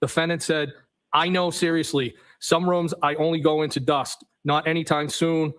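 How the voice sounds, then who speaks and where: A man on the witness stand, reading text messages aloud in a matter-of-fact way and saying the punctuation marks out loud. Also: a little high, level tone, moderate pace, poor audio. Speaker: trial witness.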